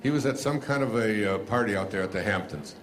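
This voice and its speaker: A man's voice: lowish voice, quick pace. An older man, an author telling a rambling story to an audience, full of fillers and restarts. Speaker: author and speaker.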